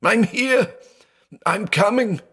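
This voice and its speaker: Male narrator playing a frightened old blind man in a horror audiobook. Fearful, climbs to shrieks; slow and wide-ranging. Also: deep voice, expressive. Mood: shrieking. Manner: fearful, rising to frantic shrieks.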